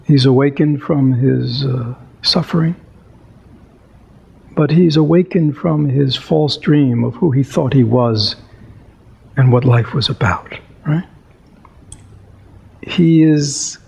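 Man doing a dharma talk, slow and gravelly, lots of uh's and "right?" questions. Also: medium pitch, darkish tone. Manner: unhurried, many fillers and rhetorical questions. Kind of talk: dharma talk with a story reading.

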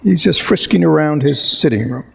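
A man giving a dharma talk as a meditation teacher, reading a story and then reflecting aloud. He is unhurried, with many fillers and rhetorical questions. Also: fairly high pitch, lively intonation, gravelly, breathy edge.

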